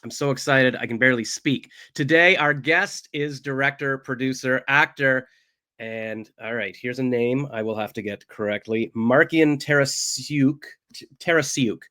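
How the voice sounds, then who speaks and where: A man's voice: medium pitch, normal speed, bright, forceful tone. A man hosting a casual entertainment interview. He talks in a mid-range voice, cracks jokes at his own expense and wanders off topic before steering back to his questions. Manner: jokey, self-deprecating, rambling. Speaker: host.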